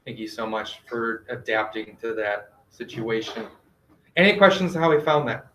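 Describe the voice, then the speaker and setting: A male teacher giving a classroom math lesson, gently directing students and quizzing them with questions. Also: medium pitch, animated, normal speed, slight background noise. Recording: echoey classroom.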